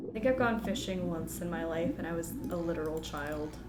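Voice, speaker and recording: A woman's voice: on the low side, fairly quick, heavy background noise. Chatty, giggly woman streamer in a roomy space. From Kentucky and Texas, US. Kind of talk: casual live-stream chat while gaming. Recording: roomy sound with game music. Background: game music.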